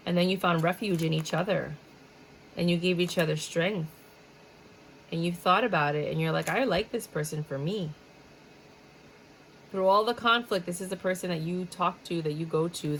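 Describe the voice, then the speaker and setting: A woman with a lower voice gives a casual tarot reading in a blunt, chatty way, swearing freely as she goes. A faint hiss of noise sits under the recording. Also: poor audio. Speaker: tarot reader.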